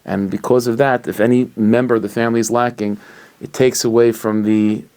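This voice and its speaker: A man, a rabbi, telling a story in an animated, conversational way with frequent restarts. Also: medium pitch, a little fast, clear, resonant tone.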